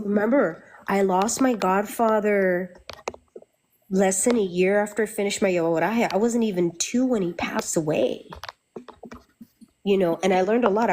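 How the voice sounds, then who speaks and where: A woman's voice: mid-range voice, darkish tone, slight background noise. A middle-aged woman, a Santeria practitioner, chatting candidly and swearing freely as she tells her stories. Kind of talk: casual chat.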